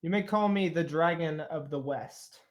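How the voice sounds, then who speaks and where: A man voicing an ancient male dragon guarding a treasure hoard, speaking slowly and calmly. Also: a little high, natural voice. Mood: calm, commanding.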